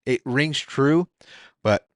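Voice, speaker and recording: A man's voice: medium pitch, slow pace, dry recording, studio quality. A man hosting a podcast, talking loosely and reflectively with lots of "like". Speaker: podcast host. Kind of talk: casual podcast conversation. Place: podcast studio.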